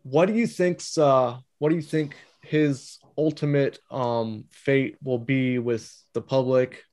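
Male podcast host, mid pitch, loose and opinionated. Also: steady tone, takes it slowly, a little mellow. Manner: asks rambling, opinionated questions. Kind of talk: casual interview.

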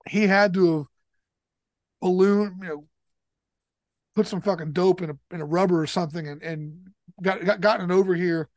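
A man's voice: sits high, moderate pace, pauses often, no room sound, studio quality. A man telling a long story as a podcast guest, swearing constantly and rambling emphatically. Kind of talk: casual storytelling.

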